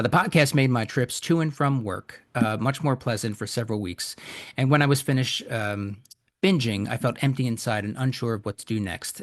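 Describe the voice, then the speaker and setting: A man hosting a podcast, chatting casually with a self-deprecating laugh and reading out a listener's email. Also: fairly low pitch. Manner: chuckling, self-deprecating, restarts often. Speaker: podcast host.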